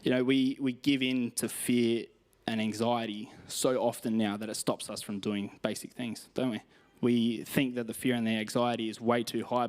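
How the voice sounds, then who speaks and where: A young man with an Australian accent preaching a sermon in a chatty, self-deprecating way, telling personal stories and reading scripture. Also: medium pitch. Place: church stage.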